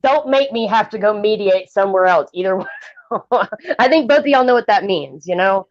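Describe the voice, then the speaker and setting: A woman's voice: medium pitch, lively intonation, fairly quick, a little mellow, dry recording. A blunt, opinionated woman talking at length in a casual livestream chat. Her voice sits in a middle register. The stream audio is dull and lo-fi, with a dry sound.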